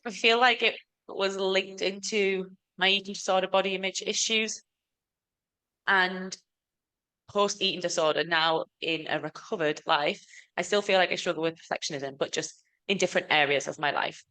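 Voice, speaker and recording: A woman co-hosting a podcast, telling stories in a chatty, animated way. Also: fairly low pitch, moderate pace, clear, resonant tone. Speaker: podcast co-host. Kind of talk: casual chat.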